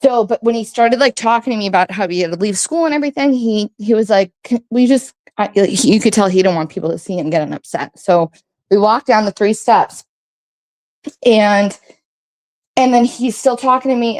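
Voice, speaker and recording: A woman's voice: medium pitch, a little mellow. A woman telling a long story in casual chat, rambling with many fillers, swearing freely and acting out what others said. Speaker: guest recounting a story.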